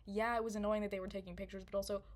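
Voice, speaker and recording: A woman's voice: medium pitch, flat delivery, racing. A young woman telling a story casually to camera, rambling, laughing often and full of fillers. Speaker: vlogger.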